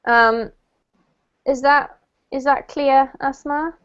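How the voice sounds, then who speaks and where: A woman's voice: high voice, steady tone, slow, fairly bright tone, highs cut off. A woman teaching an online English class, explaining words patiently and correcting pronunciation.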